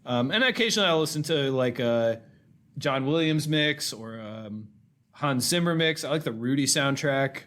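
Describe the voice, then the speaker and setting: A man's voice: medium pitch, lively intonation, normal speed, a bit bright. A man co-hosting a film podcast, chatting casually and rambling a little, correcting himself as he goes. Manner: rambling, self-correcting, enthusiastic about film scores. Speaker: podcast co-host. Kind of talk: casual chat.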